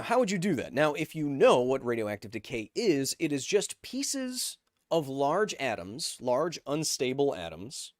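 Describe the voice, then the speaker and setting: A man with a medium-pitched voice hosts a live stream in clean, studio-quality sound with no echo. He reads chat messages aloud, tossing in jokes and tangents as he casually explains science.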